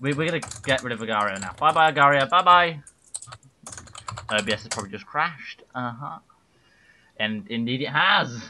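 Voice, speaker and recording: A British man hosting a casual game live stream, his voice bright and crisp. He chats loosely, jokes and teases in a playful back-and-forth, at an ordinary middle pitch. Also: expressive, fairly quick, slight background noise. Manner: playful, jokey, teasing banter. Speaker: livestream host.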